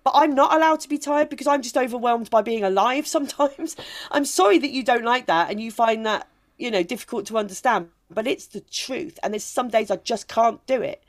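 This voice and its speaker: A woman comedian, a guest on a podcast, talking in a casual, emphatic and animated way. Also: a little high, brisk. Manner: emphatic, animated storytelling with laughs.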